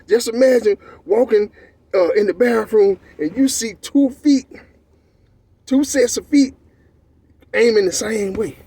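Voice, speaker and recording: A man from Texas with a Texan accent, telling a story in animated, profane street slang and often checking in with his listener. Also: very high-pitched, breathy edge. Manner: animated, profane street slang, repeats "you know what I'm saying". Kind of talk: casual storytelling.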